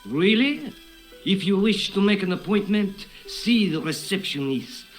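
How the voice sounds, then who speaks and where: A pompous doctor. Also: male voice, sits high, animated, measured pace, faint music behind. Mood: condescending. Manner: condescending. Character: pompous, important-looking male doctor.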